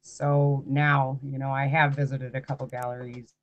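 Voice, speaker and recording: A woman's voice: very deep voice, little pitch movement, moderate pace, muffled recording. A woman guest in casual online panel chat, answering modestly and candidly with some hesitation.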